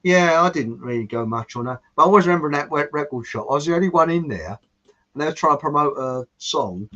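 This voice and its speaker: Talking fast in an animated, somewhat high and a bit bright voice, a male host rambles through viewer comments in a casual chat, laughing at his own jokes. It's recorded in muffled lo-fi audio.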